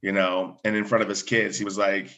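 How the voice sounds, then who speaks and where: A man who works as a fire chief, telling a personal story in animated conversation, often restarting words. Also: on the low side, brisk, highs cut off.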